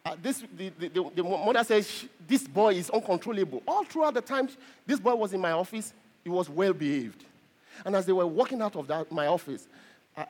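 A middle-aged man, a pastor, preaching a sermon in a halting way, repeating words and laughing often. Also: high voice, lively intonation. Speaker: pastor and doctor.

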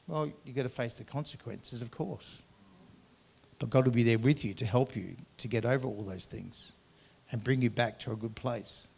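A man preaching a sermon as pastor, earnest, swinging from loud emphatic lines to quiet conversational asides, drawing out key words. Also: mid-range voice, normal speed, gravelly, slightly rough.

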